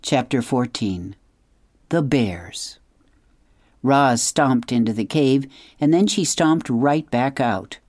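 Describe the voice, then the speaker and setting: A woman hosting a radio program, reading a children's novel aloud in an expressive, measured storytelling manner with hushed dramatic asides. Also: extremely low pitch, no echo. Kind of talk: scripted storybook narration.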